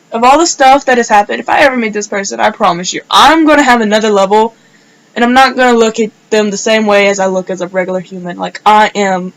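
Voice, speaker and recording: A woman's voice: a little high, a little fast, rough recording. A woman telling a personal story in a casual vlog, rambling and filling her speech with "like". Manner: rambling, filler-heavy storytelling with many "like"s. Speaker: vlogger.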